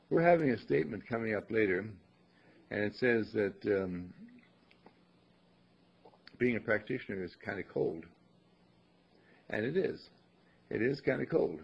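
An older man giving a rambling, folksy spoken reflection, repeating phrases and clearing his throat now and then. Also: on the low side, animated, unhurried, long pauses. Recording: dull lo-fi recording.

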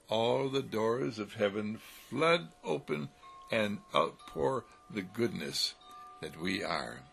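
A man's voice: fairly low pitch, animated, takes it slowly, creaky, fairly bright tone. A man giving an inspirational sermon with a repetitive, sing-song cadence, chuckling between phrases. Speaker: spiritual speaker. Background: faint music.

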